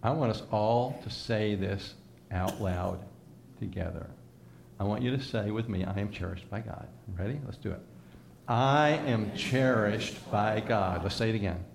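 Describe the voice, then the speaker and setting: A man's voice: lowish voice, moderate pace, vocal fry, darkish tone. Male pastor preaching a conversational sermon. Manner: leads congregation in call-and-response repetition; conversational, teasing asides to listeners.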